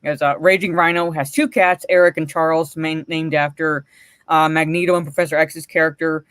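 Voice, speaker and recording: A woman's voice: low-pitched, fairly even intonation, brisk, a bit bright, clear, resonant tone, no echo, studio quality. A woman co-hosting a live stream, ranting and cursing, then greeting viewers in the chat one by one.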